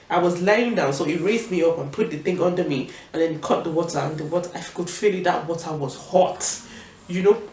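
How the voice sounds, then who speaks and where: A young Nigerian woman telling a personal story in a vlog, in an animated and emphatic way. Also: fairly low pitch. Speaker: vlogger. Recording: roomy echo, distant mic, faint room noise.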